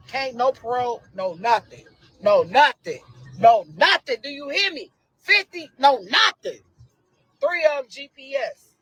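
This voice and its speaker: A woman's voice: fairly high pitch, fairly bright tone, husky, dry recording, low-quality recording. A middle-aged woman with a Chicago accent, a grieving mother talking emotionally on a livestream and repeating phrases over and over. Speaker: victim's mother.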